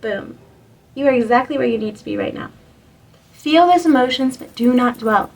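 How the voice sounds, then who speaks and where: A woman's voice: high voice, expressive, moderate pace, darkish tone, distant mic, poor audio. A young woman giving a spiritual reading to camera, earnest and encouraging, rambling with lots of "like"s. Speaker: spiritual reader.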